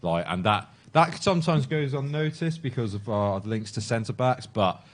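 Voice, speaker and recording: A man chatting about football on a live stream, often pausing and restarting. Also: medium pitch, animated. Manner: hesitant, many fillers and restarts. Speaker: panelist. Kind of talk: casual live-stream chat.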